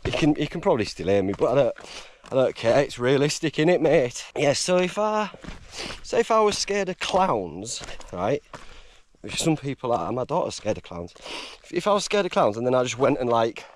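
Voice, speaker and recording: An English man vlogging from a high mountain trail, rambling and emotional, breaking into laughter. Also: sing-song, normal speed, a little hiss or hum. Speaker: hiker vlogger. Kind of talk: casual vlog talk.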